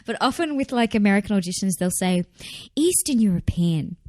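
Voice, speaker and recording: An Australian woman speaks as a podcast guest, animated and easily amused, often trailing off and restarting her thoughts. Her voice sits mid-range for a woman, and the sound is close and dry. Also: mid-range voice, brisk, dry recording. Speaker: actress and voice actor, podcast guest. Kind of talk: casual interview chat.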